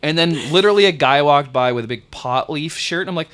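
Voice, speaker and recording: A young man co-hosting a comedy podcast, telling an animated story and acting out other people's lines in casual chat. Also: fairly high pitch, quick pace. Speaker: podcast co-host.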